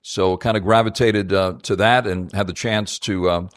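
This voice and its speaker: A man speaking as moderator of a panel for high school students, measured and full of fillers. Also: fairly even intonation, no echo. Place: auditorium event.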